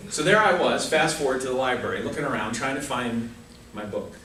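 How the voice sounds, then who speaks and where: A man's voice: medium pitch, animated, brisk, hardly any pauses, fairly bright tone, a little hiss or hum. A man giving a prepared humorous speech at a speaking club, telling a story with comic asides. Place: club meeting room. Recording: echoey room from far off.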